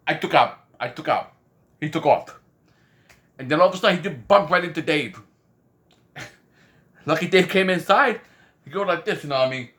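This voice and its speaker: A man's voice: on the high side, lively intonation, normal speed, long pauses, fairly bright tone. A man telling a rambling anecdote in casual speech, repeating "you know what I mean" and acting out other people's lines. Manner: acts out quoted voices. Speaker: storyteller.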